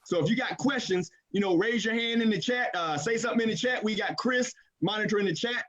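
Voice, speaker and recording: A man hosting a live video call, energetic and repetitive, hyping up the people on the line with call-and-response. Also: sits high, fast, lo-fi sound. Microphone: computer mic on a video call.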